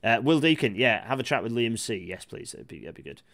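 A man hosting a casual livestream. He reads the chat aloud, rambles with many restarts, and breaks into excited outbursts. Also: medium pitch, fairly quick. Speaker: live-stream host reading chat. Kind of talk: casual live-stream commentary.

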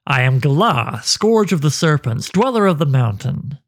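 A man voicing a defiant gravelly beast warrior. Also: on the high side, sing-song, normal speed. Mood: proclaiming. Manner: defiant, proclaiming. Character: enraged monstrous male beast, defiant and proud.

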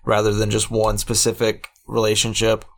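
A man's voice: on the low side, completely flat delivery, normal speed. A man co-hosting a casual film chat podcast, rambling and self-deprecating with many restarts. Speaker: podcast co-host.

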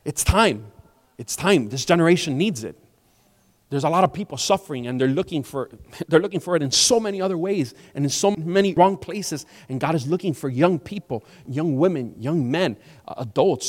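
High-voiced animated man preaching. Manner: animated, acts out quoted voices. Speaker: pastor. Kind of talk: sermon. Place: church. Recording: long church hall reverb.

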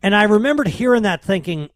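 A man's voice: high-pitched, animated, fairly quick, dry recording, studio quality. A man with a nasal voice, hosting a radio show in a casual, rambling way with ums and restarts. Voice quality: nasal, by his own account. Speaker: radio host.

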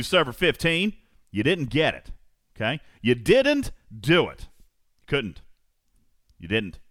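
An energetic man hosts a live gaming podcast, his pitch swinging up and down as he hammers home points by repeating them. The sound is close and dry with no room around it, and he keeps turning to address his co-host and the audience. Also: unhurried, long pauses, no room sound. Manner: energetic, emphatic, repeats phrases for effect.

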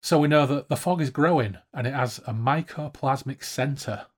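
A man's voice: medium pitch, moderate pace. A man casually summarising a novel's chapters for a book-club podcast, chatty with frequent restarts.

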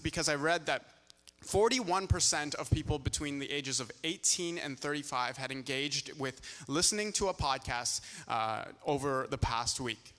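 A man's voice: on the high side, a bit bright. Male pastor, church talk, hesitant with fillers; echoey hall sound. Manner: halting, many filler sounds.

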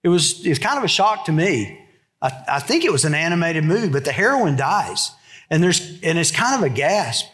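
A pastor preaches briskly and with great animation, his voice sitting slightly high. His delivery feels like storytelling among friends until he turns serious, going low and hushed.

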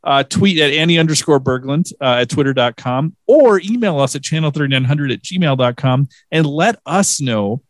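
A man's voice: on the high side, animated, normal speed, hardly any pauses, no echo. Dry-voiced man in playful banter. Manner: playful mock-serious arguing. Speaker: podcast co-host. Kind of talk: casual podcast banter.

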